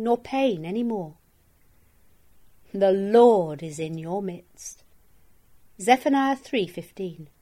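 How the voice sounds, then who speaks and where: Slow, solemn woman reading scripture. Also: fairly high pitch, darkish tone. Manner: measured, solemn reading of verses and references. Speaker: scripture reader. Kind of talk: slow devotional Bible reading.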